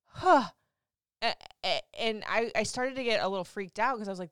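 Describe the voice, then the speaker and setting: A young woman vlogger telling a story in a casual, animated way, swearing freely and laughing often. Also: mid-range voice, fairly quick, clean tone, no echo, studio quality.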